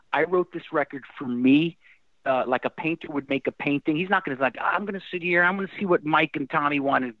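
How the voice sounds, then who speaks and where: A middle-aged man, a guest musician telling stories in a casual interview, animated and emotional, often restarting his sentences. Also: a little high, dry recording. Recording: dry tinny phone-like line.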